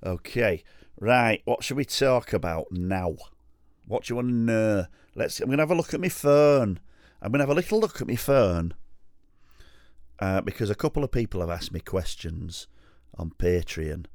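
A man's voice: fairly low pitch, animated, normal speed, a little mellow, no echo, studio quality. A man hosting a podcast on his own, chatting casually at home in a sweary, self-mocking, rambling way. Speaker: podcast host. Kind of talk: casual chat.

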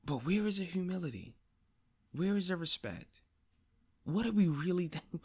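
A man hosting a podcast, talking in a personal monologue, blunt and profane, repeating phrases for emphasis and rising louder and higher as he presses a point. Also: animated, moderate pace, husky. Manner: grows louder and higher when stressing a point. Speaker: podcast host.

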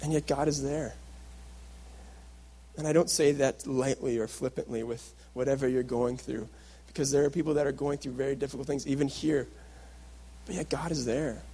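A man's voice: mid-range voice, steady tone, normal speed, mellow, slightly rough. A young adult man giving a sermon-style workshop talk, telling a personal story and acting out what he and others once said. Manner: storytelling, acts out his past self and others in quotes. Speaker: workshop speaker.

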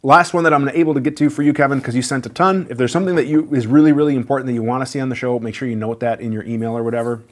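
A man's voice: medium pitch, racing, few pauses. Casual man hosting a Q&A. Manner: relaxed, conversational, frequent fillers and self-corrections. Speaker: firearms Q&A show host. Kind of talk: casual question-and-answer talk.

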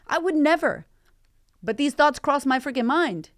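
A woman's voice: high-pitched, expressive, moderate pace. A woman hosting a motivational podcast, talking with candid energy and swearing freely. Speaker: podcast host and life coach.

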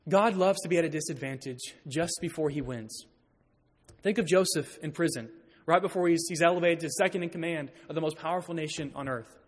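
A man preaching a sermon in a church, animated and growing loud when he quotes. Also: a little high, fairly quick, husky. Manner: animated, rising to loud emphasis when quoting. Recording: long hall reverb.

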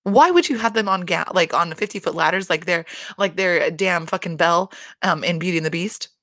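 A woman giving a casual solo recap of a reality show, rambling and expressive, swearing freely and laughing often. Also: on the low side, fairly quick, no echo, clean studio sound.

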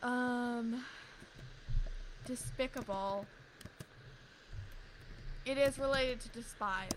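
A woman's voice: a little high, very slow, a little hiss or hum, low-quality recording. A young woman co-hosting a podcast in casual chat, playful and teasing, rambling as she talks. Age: young adult. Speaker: podcast co-host.

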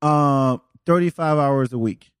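A man from France with a French accent, hosting a podcast and telling animated stories in casual chat, swearing freely. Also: medium pitch, a little slow, smooth, no echo, clean studio sound. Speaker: podcast host.

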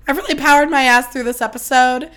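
A woman hosting her podcast solo, chatting casually and mocking herself, her voice strained and squeaky. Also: fairly even intonation, quick pace, fairly bright tone. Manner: chatty, self-mocking, swears freely. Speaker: podcast host.

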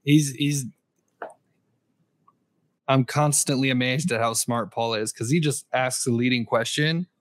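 A man's voice: medium pitch, unhurried, pauses often. A man co-hosting a book podcast, reacting with enthusiasm and recapping scenes in casual chat. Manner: reactive, enthusiastic, brief affirmations.

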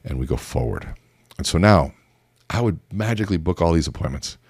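Male communication coach with a very low voice and a dry, close sound, who teaches through animated stories. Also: fairly quick, no room sound. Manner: lively storytelling, acts out both sides of conversations. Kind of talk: teaching talk with acted-out examples.

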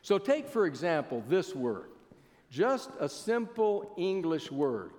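A high-voiced male pastor preaching a sermon in a folksy storytelling way, talking directly to his congregation. His voice rings with a long reverb through a large church sanctuary, picked up by a stage mic. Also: sing-song, takes it slowly, darkish tone.

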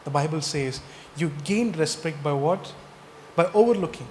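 A man's voice: fairly high pitch, expressive, normal speed, slight background noise. Preaching man in a reverberant hall. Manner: rhetorical questions to the congregation, emphatic. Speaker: pastor. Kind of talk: sermon.

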